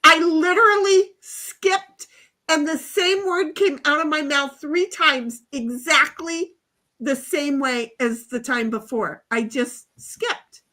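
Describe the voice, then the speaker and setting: A woman with a high voice hosts a relaxed home livestream. She rambles animatedly from one story to the next, reads chat comments aloud and laughs easily. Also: takes it slowly. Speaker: livestream host. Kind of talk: casual chat reading out chat comments. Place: home, speaking over a headset.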